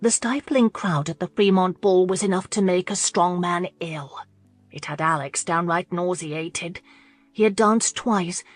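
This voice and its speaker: In a measured, even storytelling style, a woman with a lowish voice narrates a historical romance audiobook, with no room sound.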